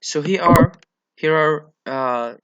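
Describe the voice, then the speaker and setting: Slow, hesitant male phonetics lecturer. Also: fairly high pitch, fairly bright tone, lo-fi sound, a little hiss or hum. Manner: slow, hesitant, many fillers and repeated okays. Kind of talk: classroom lecture.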